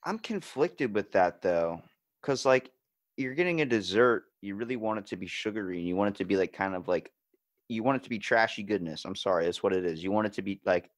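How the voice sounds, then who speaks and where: A man hosting a podcast in casual chat, telling stories with animated quoted voices and cursing. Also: lowish voice, a little fast, no echo. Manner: animated storyteller, acts out quotes, swears. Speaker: podcast host.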